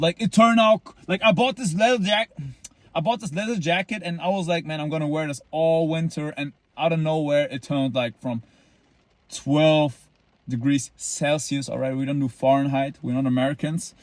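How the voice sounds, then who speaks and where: A man's voice: on the high side, normal speed, no echo. A man in his twenties telling a story to a camera outdoors in the cold, rambling and boastful, full of likes and restarts. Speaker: vlogger.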